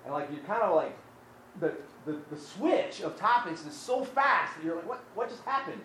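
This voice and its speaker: Speaking at normal speed with big swings in pitch, a male pastor with a slightly high voice delivers a conversational sermon full of repeated words and rhetorical questions, his volume sinking from full to quiet. The audio is poor, with a little hiss or hum.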